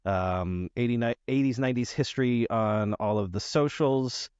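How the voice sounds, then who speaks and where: A man hosting a relaxed podcast chat, wandering through his thoughts with frequent fillers and restarts. His voice sits at an ordinary middle pitch. The recording is dry and slightly muffled. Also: smooth, no echo. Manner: rambling, halting, many fillers. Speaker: podcast host. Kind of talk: casual interview chat.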